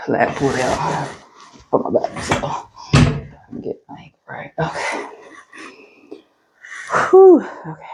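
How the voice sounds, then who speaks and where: An out-of-breath fitness vlogger chatting casually between sets in a gym, with breathy sighs and quick laughs. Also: mid-range voice, a little mellow, a little hiss or hum, low-quality recording.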